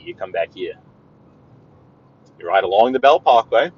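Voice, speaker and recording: A man's voice: on the low side, animated, moderate pace, husky. A man talks casually from behind the wheel, pointing things out as he drives. His speech rambles, full of restarts and playful asides. The sound is a bit dull, like live-stream audio captured inside a car. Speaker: driving vlogger giving a live tour.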